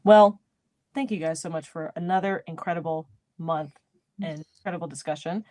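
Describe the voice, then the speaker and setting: A woman's voice: sits low, moderate pace, mellow. A woman with a light North Carolina accent hosting a book club chat, laughing often and talking animatedly. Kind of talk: casual video call chat.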